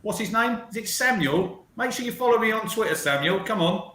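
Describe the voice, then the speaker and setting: A man's voice: sits high, lively intonation, a little fast, bright, forceful tone, roomy sound. A man co-hosting a casual football podcast, teasing and full of banter. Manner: teasing, banter-heavy, asks questions. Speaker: podcast co-host.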